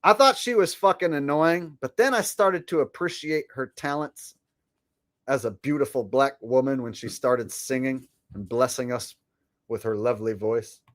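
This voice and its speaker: A woman's voice: extremely low pitch, moderate pace. A woman commenting on video clips in a sarcastic, profane way.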